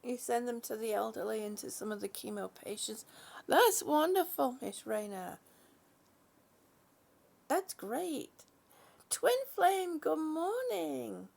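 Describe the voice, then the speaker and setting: Chatty woman with a gravelly voice. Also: on the high side, sing-song, slow, pauses often. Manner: chatty, warm greetings, yawning, laughing, losing her train of thought. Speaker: livestream host. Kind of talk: casual live chat with viewers. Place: home.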